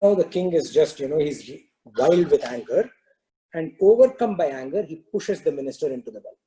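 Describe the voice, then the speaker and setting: Guy telling a story in a spiritual talk, super dark mellow voice, laid back, lots of "you know". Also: a little high, brisk, slight background noise, poor audio. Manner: relaxed storytelling, frequent "you know" fillers. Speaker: spiritual discourse teacher.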